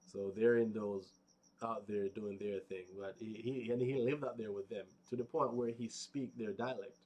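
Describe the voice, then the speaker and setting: A man's voice: lowish voice, steady tone, moderate pace, darkish tone, muffled recording. A man casually narrating a walking tour outdoors on a windy mountaintop, rambling with lots of fillers and "right?" tags. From United States. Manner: rambling, conversational, many fillers and tag questions. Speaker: vlogger.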